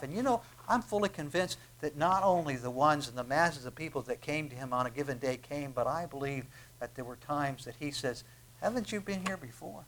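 A male preacher with a high-pitched voice delivering a sermon. He asks the room question after question and leans hard on his key words. His delivery swings from near-whispers to booming repetition. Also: animated, fairly quick, a little hiss or hum. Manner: emphatic, swings from hushed to booming, rhetorical questions.

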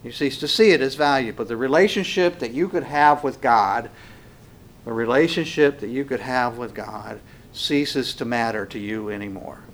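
A man preaching a sermon slowly and emphatically, swinging between loud passages and hushed ones. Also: mid-range voice, a little hiss or hum.

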